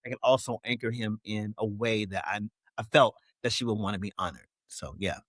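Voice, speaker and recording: A man's voice: fairly low pitch, brisk, a bit bright, no echo, clean studio sound. A man speaking as an interview guest, talking candidly and reflectively with many "you know what I mean" fillers.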